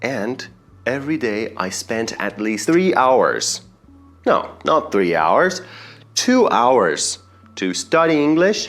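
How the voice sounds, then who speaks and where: A young man whose first language is Persian, an English teacher earnestly telling students how he learned the language. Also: medium pitch. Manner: earnest, explanatory, addresses viewers directly.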